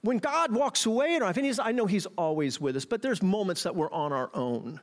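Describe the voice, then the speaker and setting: Middle-aged pastor guy preaching, kinda high voice, jumps all over the place, jokes with the crowd. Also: expressive, brisk. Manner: playful, talks straight to the congregation. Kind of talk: sermon.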